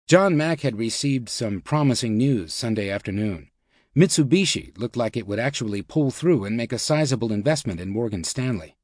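A man reading nonfiction narration as an audiobook narrator, in a measured, even way. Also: mid-range voice, dry recording, studio quality.

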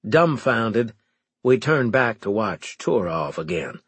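Husky male narrator, slow and lively, dry studio read. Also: fairly low pitch, dry recording. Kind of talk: first-person audiobook narration.

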